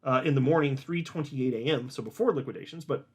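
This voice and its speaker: A man's voice: medium pitch, fast, husky. A man hosting a casual market commentary, reading posts aloud and talking bluntly and emphatically with frequent fillers. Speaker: host of a crypto market channel.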